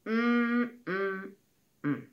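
A woman leading a children's circle time, gently speaking and singing nursery rhymes and songs. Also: mid-range voice, animated, extremely slow, muffled recording. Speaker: children's teacher.

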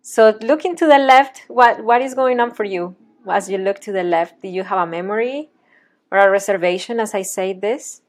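A woman parenting coach leading a one-on-one session in a gentle, guiding, reassuring manner. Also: mid-range voice, moderate pace.

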